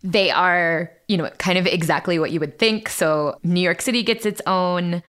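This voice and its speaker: A woman's voice: fairly low pitch, normal speed, fairly bright tone. A woman with a Midland American accent, a linguistics professor, explaining casually in an interview. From Central Ohio.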